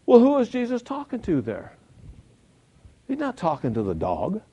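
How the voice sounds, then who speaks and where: A man's voice: sits high, wildly swooping pitch, normal speed, dark tone, slightly rough, highs cut off. Folksy man teaching a church Bible lesson. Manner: conversational, folksy, chuckles at own points. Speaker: Sunday school teacher.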